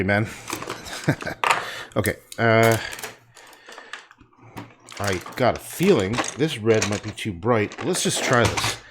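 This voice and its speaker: A man's voice: on the low side, background noise. A man painting on a livestream, talking casually in a rambling way, swearing and muttering to himself as he works.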